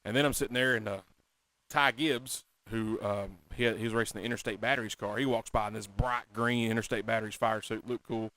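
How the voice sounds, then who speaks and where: A man hosting a casual talk show, telling a story in an animated, excitable, self-mocking way. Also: on the low side, brisk. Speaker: podcast host.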